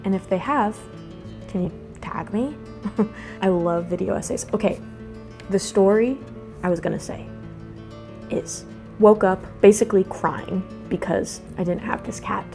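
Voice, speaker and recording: A woman's voice: medium pitch, a little slow, creaky, pauses often, dark tone. Chatty young woman rambling over faint music. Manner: rambling, chatty, with sudden self-talk asides. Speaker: host. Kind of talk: casual chat while doing a craft.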